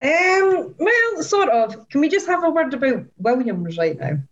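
A woman chatting excitedly on a podcast, gushing and laughing often. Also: high voice, a little slow, highs cut off. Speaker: podcast co-host. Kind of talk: casual chat about motor racing.

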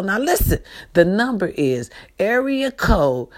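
A woman with a Black voice pleads straight to camera, emotional and insistent. She repeats her appeals over and over, dropping low and hushed, then rising high and loud. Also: big pitch swings, measured pace, few pauses. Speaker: granddaughter making a public appeal.

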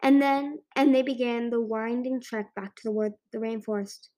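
A woman's voice: fairly high pitch, fairly even intonation, normal speed, warm tone. A woman narrating a children's fantasy book as an amateur audiobook reader, with frequent slips and restarts.

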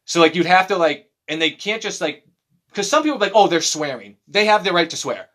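Bright, profane man telling animated stories. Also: high voice, quick pace. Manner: profane, animated storytelling with mocking voices. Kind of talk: casual chat.

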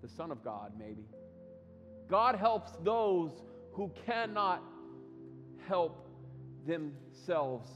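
Man, pastor, sermon, animated storytelling, repeats himself, echoing hall, soft music behind. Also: sits high. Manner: animated storytelling with acted quotes, many restarts.

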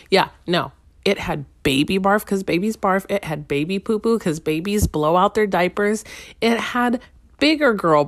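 A woman in her thirties with a fairly low voice tells a chatty, wry story about home life and talks straight to her listeners. The sound is dry and close, with no room echo. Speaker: stay-at-home mom vlogger. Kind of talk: casual storytelling monologue.

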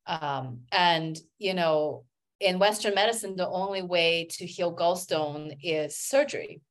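A woman's voice: lowish voice, a little slow. A woman working as an acupuncturist and healer, telling stories as a guest in a casual interview, with many "you know" fillers.

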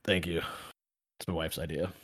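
A man's voice: low-pitched, normal speed, husky. A man in his thirties co-hosting a casual podcast, rambling through stories with lots of restarts. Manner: rambling, restarts, animated retellings. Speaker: podcast co-host. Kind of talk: casual chat.

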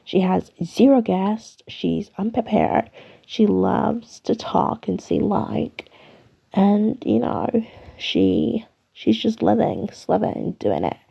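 Young english woman rambling on her own podcast, dark gravelly voice, kinda muffled mic. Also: mid-range voice. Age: young adult. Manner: chatty, rambling, self-mocking. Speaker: podcast host. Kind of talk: casual solo podcast chat.

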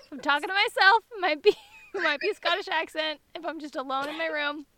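A woman with a high, very bright voice, chatting casually as a podcast co-host. She rambles and pokes fun at herself, laughing often along the way. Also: steady tone, moderate pace. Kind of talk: casual chat.

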